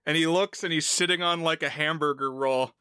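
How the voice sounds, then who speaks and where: A man co-hosting a podcast in casual chat, relaxed and quick to laugh while retelling clips. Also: on the high side, smooth, dry recording, studio quality. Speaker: podcast co-host.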